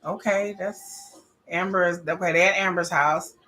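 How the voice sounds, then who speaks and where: Bright-voiced chatty woman commentator. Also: on the low side, a little slow. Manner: chatty, laughing, animated asides to viewers. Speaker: reality show commentator. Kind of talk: live watch-party commentary.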